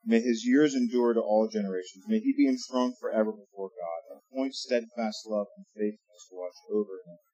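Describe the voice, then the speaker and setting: Male pastor, husky voice, conversational preaching, dry close mic with faint music under. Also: on the low side, brisk, hardly any pauses, mellow, no echo, muffled recording. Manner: conversational preaching, rising to emphatic reading. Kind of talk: sermon.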